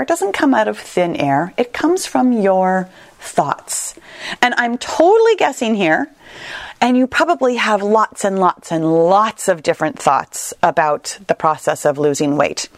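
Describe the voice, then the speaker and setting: A woman hosting her own coaching podcast, speaking to listeners in an earnest, caring tone. Her pitch moves a lot as she talks. The sound is dry and close. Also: no room sound. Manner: earnest, reassuring, conversational. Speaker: weight-loss coach, podcast host. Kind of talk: solo podcast monologue.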